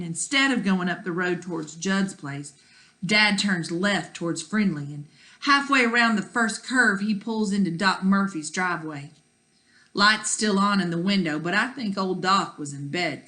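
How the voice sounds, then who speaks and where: Teacher reading a chapter book to kids, lowish voice, bright tone. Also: female voice, moderate pace. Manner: warm, chatty asides to kids. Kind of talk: reading a children's novel aloud.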